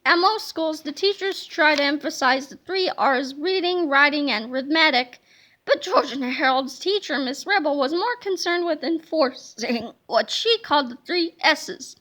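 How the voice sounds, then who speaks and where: A woman reading a children's chapter book aloud in a playful, expressive way. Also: high-pitched, moderate pace. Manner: expressive, playful storybook delivery. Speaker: reader.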